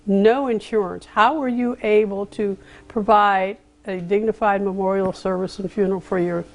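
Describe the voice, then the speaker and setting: A woman with a medium-pitched voice hosts a formal television interview. She speaks deliberately and guides her guest gently through hard questions. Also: steady tone. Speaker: interview host, community affairs director.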